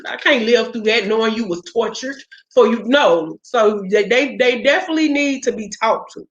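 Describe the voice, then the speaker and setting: A woman's voice: on the high side, normal speed. A woman hosting a casual chat, telling stories in a blunt, profane, fired-up way. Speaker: podcast host. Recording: roomy, dull lo-fi sound.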